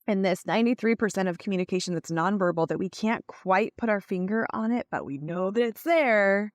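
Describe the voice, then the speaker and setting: Chatty woman podcast host, gravelly edge. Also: medium pitch, no room sound, clean studio sound. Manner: chatty, with many fillers, acts out tones of voice. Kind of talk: casual solo podcast talk.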